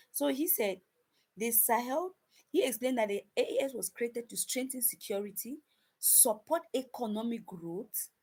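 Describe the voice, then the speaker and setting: Husky-voiced woman commenting emphatically. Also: medium pitch, darkish tone. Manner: emphatic, repeats phrases, addresses viewers as guys; frequent restarts and stumbles. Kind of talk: casual commentary to viewers.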